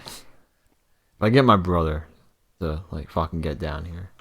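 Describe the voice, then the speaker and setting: A low-pitched man co-hosting a casual podcast, talking loosely with many fillers. He swears freely and trails between thoughts. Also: slow. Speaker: podcast co-host. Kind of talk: casual chat reacting to a video.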